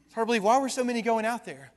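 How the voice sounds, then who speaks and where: A man preaching a sermon as pastor, swinging from soft asides to loud emphasis. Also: very high voice, animated, racing. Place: church sanctuary. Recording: long hall reverb.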